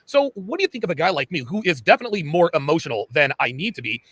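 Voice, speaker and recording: A man's voice: on the high side, very animated, racing, fairly bright tone, breathy edge, no echo. A man hosting a live-stream talk show, rambling and self-searching, restarting his sentences.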